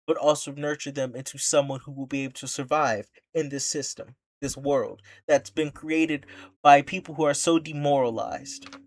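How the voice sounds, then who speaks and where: A streamer giving an impassioned, indignant commentary rant, full of rhetorical questions and repeated points. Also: medium pitch.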